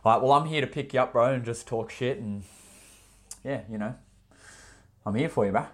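A man's voice: medium pitch, brisk. A man co-hosting a podcast, laid-back and slangy in casual chat. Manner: laid-back, slangy, says bro a lot. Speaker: podcast co-host.

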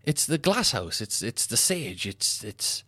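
A male comedian, telling a comic story in an animated, sweary way and laughing at his own tale. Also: mid-range voice, unhurried, slightly rough, no room sound, clean studio sound. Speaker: comedian podcast host.

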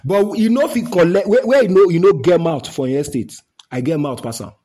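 A man's voice: high voice, a little fast, mellow. A man with a Nigerian accent delivering a heated, repetitive monologue to his listeners, slipping into pidgin and Yoruba. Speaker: website founder addressing listeners.

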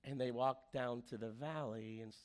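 A man's voice: medium pitch, moderate pace. A man preaching a sermon as pastor, telling stories and acting out the quoted voices. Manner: animated storyteller, acts out quoted voices.

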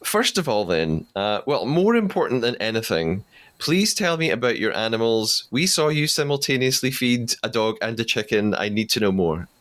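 A man's voice: mid-range voice, very animated, moderate pace, a bit bright. A man hosting a podcast interview in a chatty way, laughing easily between questions. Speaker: podcast host.

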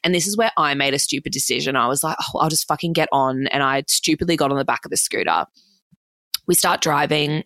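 A woman's voice: low-pitched, animated, gravelly, fairly bright tone, dry recording. A woman in her twenties with an Australian accent tells a long story casually, swearing freely and stringing thoughts together with "like". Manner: swears freely, fast run-on anecdote full of "like".

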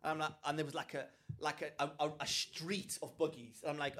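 A man from England co-hosting a podcast, telling a story in a lively, animated way and often restarting his sentences. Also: a little high, fairly quick, hardly any pauses. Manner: animated storyteller, acts out quoted people, frequent restarts. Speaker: podcast co-host. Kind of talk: casual chat, storytelling.

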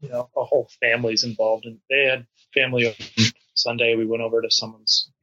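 A man's voice: mid-range voice, flat delivery, a little fast, sharp tone, muffled recording, a little hiss or hum. A man in casual podcast chat who rambles with many restarts and fillers.

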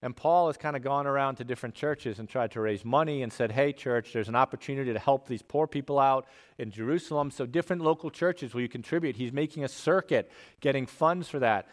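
A male pastor, preaching a sermon from a church stage in a relaxed, conversational way with bits of slang. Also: fairly high pitch.

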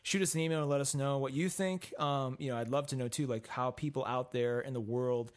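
A man's voice: medium pitch, fairly even intonation, fairly quick. A man co-hosting a podcast, chatting casually and rambling with lots of fillers and restarts. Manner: rambling, filler-heavy, self-correcting. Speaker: podcast co-host. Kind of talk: casual chat.

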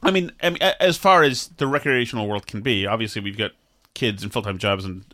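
A man's voice: fairly low pitch, fairly quick, bright, forceful tone, dry recording. A man co-hosting a podcast in casual banter, sarcastic and rambling, with stammered restarts. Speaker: podcast co-host.

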